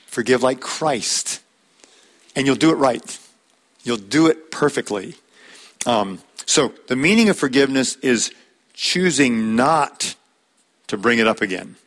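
Man preaching in a slow, conversational sermon. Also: mid-range voice, lively intonation, a bit bright. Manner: plain, conversational teaching with scripture quotes.

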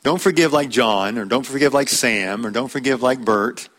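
A man preaches a sermon at a middle pitch, talking plainly and conversationally, as if teaching. He slows down to press home key points and quotes scripture along the way. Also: a bit bright.

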